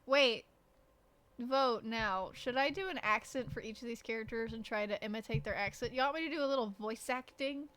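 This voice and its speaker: Woman streamer, high voice, bright tone, cursing, blunt, excitable, casual game commentary, close mic. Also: a little fast. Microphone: close desk mic.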